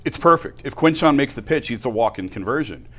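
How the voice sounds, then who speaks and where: A man's voice: mid-range voice, animated, a little fast, bright, forceful tone. A man co-hosting a sports talk show, arguing back and explaining his reasoning point by point. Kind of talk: sports debate.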